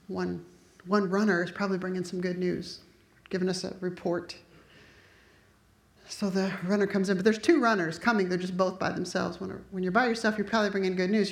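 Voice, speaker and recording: A woman delivers a sermon, telling the story with lively energy and voicing the people in it. Her voice sits at an ordinary middle pitch. The room around her is echoey. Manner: animated storytelling, acting out characters' lines. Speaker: preacher. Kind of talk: sermon retelling a Bible story.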